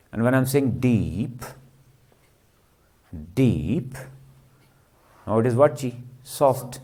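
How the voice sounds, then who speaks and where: A man teaches a class. He answers his own questions as he goes. His voice is warm and mellow, and he keeps checking whether the students are following. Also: mid-range voice. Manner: checks understanding with frequent "clear?" and "ji". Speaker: lecturer. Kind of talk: classroom lecture.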